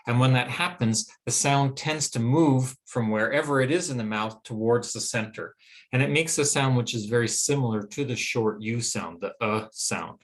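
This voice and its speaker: A man with a Western American accent teaching a phonetics lesson, explaining clearly and pausing to sound out vowels. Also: mid-range voice. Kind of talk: phonetics lecture.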